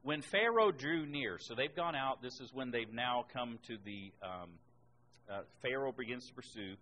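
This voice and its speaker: A man preaching a sermon at a middle pitch, reading scripture aloud between his own points. He presses hard on key words, lifting his voice high and loud before dropping back. A faint hiss sits under the recording. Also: moderate pace, low-quality recording. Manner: emphatic, rises in pitch and volume on key words.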